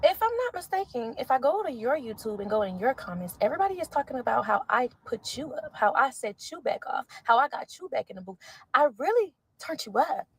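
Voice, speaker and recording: A young woman, a content creator ranting loudly and sassily in a reaction vlog, swearing a lot. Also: fairly high pitch, a little fast, breathy edge, poor audio. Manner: loud, sassy, animated, swears a lot.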